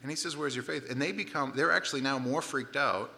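A man preaching a sermon in a conversational way, often restarting and repeating words, and growing loud and emphatic at his high points. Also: quick pace. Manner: grows loud and emphatic at climaxes. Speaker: pastor.

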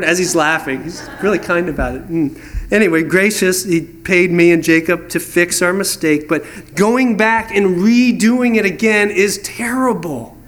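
A man's voice: sits high, moderate pace. A man preaching a sermon, reading verses and telling stories, acting out voices in the dialogue. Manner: storytelling, animated, acts out voices in dialogue. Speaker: pastor.

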